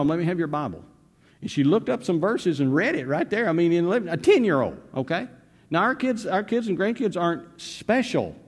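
An older man preaching a sermon, telling folksy family stories and moving between quiet asides and loud urging. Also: mid-range voice, in a large hall. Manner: folksy storytelling, swings from soft asides to loud exhortation. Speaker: pastor.

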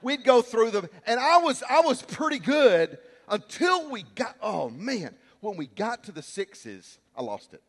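A man preaching a sermon as a pastor, telling stories and acting out shouts and quotes with lively energy. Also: extremely high pitch, measured pace, hardly any pauses, breathy edge, long reverb tail. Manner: animated, storytelling, acts out shouts and quotes. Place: church sanctuary.

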